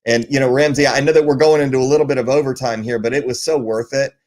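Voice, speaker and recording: A male podcast host in casual conversation with a guest, friendly and appreciative. His voice sits at an ordinary middle pitch. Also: fairly even intonation, fast, a little mellow. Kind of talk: casual interview.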